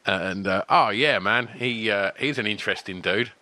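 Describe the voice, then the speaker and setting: Bright-voiced man, casual interviewer. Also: on the low side, moderate pace, dry recording. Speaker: interviewer host.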